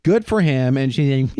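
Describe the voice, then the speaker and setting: Animated, swearing male podcast host. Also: a little high, no room sound. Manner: profane, animated storytelling with voiced impressions. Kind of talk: casual chat.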